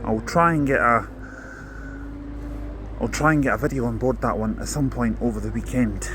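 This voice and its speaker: A man chats his way around a bus rally, calling out registration plates in an easy, offhand manner. His voice sits at an ordinary middle pitch. He is recorded outdoors on a handheld camera, with engines and traffic clearly audible behind him. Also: moderate pace. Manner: chatty, reads out registration plates one by one. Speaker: vlogger filming a bus rally. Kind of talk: casual commentary while filming. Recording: outdoor noise with passing vehicles.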